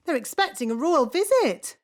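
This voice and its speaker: Nanny Plum, a fussy fairy nanny. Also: female voice, high-pitched, very animated, moderate pace. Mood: bossy. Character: fussy fairy nanny, middle-aged woman.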